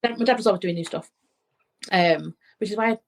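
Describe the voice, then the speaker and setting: A woman's voice: mid-range voice, brisk. Woman telling a personal story. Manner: rambling, restarts, acts out quoted voices. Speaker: podcast guest, medium. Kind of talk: casual heartfelt storytelling.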